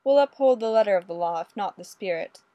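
A woman voicing a courtly, mild old male Mountie with a polite, unhurried, old-fashioned manner. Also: mid-range voice, lively intonation, mellow, no echo, muffled recording, close to an everyday voice. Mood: genial.

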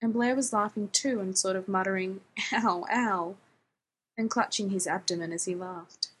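Husky woman reading a story. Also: medium pitch, brisk. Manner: even storytelling narration. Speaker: reader. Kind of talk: reading fan fiction aloud.

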